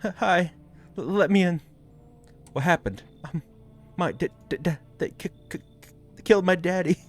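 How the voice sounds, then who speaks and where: A man's voice: high voice, normal speed, faint music behind. A man voicing a terrified young girl who lost her father, stammering as he reads game dialogue. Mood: frightened. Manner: stuttering, breaking into laughs.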